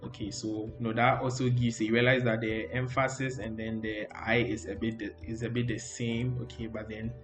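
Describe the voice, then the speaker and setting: A man's voice: mid-range voice, little pitch movement, moderate pace, hardly any pauses, a bit bright, faint music behind. A man teaching a coding tutorial over a screen recording, talking loosely and repeating "okay, so" between steps. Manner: loose, repetitive, frequent "okay, so". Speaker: coding instructor. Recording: roomy echo.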